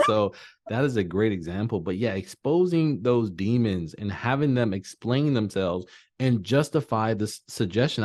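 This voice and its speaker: A man's voice: on the low side, darkish tone. A man hosting a podcast interview, enthusiastic and acting out quoted thoughts as he talks. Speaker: podcast host. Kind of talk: conversational interview.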